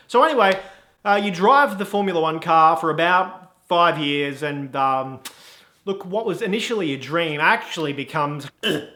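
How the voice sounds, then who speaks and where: A man's voice: on the high side, bright, forceful tone. A young man vlogging in a rambling, self-mocking comic monologue full of jokey analogies.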